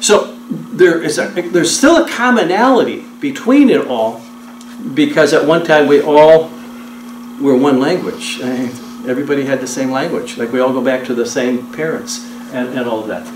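A man's voice: medium pitch, moderate pace. Man teaching a Bible study in an echoey room. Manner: conversational, quizzes the class. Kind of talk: interactive Bible study lesson. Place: church meeting room. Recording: echoey room, distant mic, noisy.

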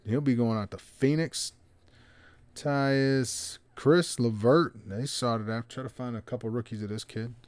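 A man's voice: medium pitch, measured pace, no echo. Slangy man opening cards, dry close mic. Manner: slangy, excited, mutters asides under breath. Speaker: card break host. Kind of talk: casual card-opening commentary.

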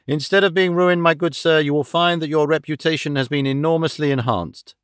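A man voicing a calm, clever detective with an amused, theatrical manner, in an audiobook reading. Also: on the high side, fairly quick, clean tone, no echo, studio quality, lightly acted.

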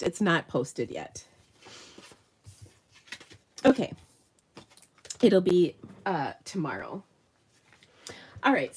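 A woman's voice: mid-range voice, a little hiss or hum. A middle-aged woman hosting a live card-making tutorial, chatty and self-deprecating as she thinks aloud while she works, her voice slightly nasal. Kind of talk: live crafting demonstration.

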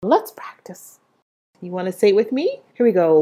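A young woman teaches a music lesson to small children, cheerful and encouraging as she invites them to say rhythms along with her. Her mid-range, mellow voice swings widely in pitch, in slow, sing-song teacher talk with call-and-response prompts.

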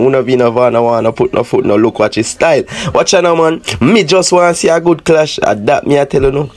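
A man with a Jamaican accent chatting casually to his viewers as a dancehall news commentator, in animated patois. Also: medium pitch.

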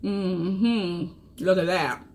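A woman co-hosting a mukbang, chatting casually over the meal and praising the food in a relaxed, drawn-out way. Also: fairly low pitch, a little hiss or hum. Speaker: mukbang co-host. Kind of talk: casual chat while eating.

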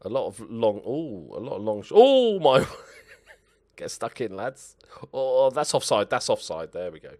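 Animated man commenting on a game. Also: fairly low pitch, moderate pace. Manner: animated, swears at his players, mutters to himself. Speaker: gaming channel host. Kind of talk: playing and commenting on a football management game.

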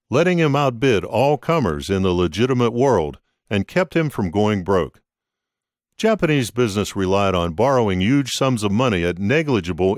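A man narrating an audiobook in an expressive, scripted reading. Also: fairly low pitch, no echo, studio quality.

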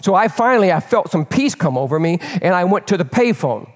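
Animated older pastor, echoing church hall. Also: male voice, high-pitched, a little fast. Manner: animated, candid, repeats words while building. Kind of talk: storytelling sermon. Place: church sanctuary. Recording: long reverb of a church hall.

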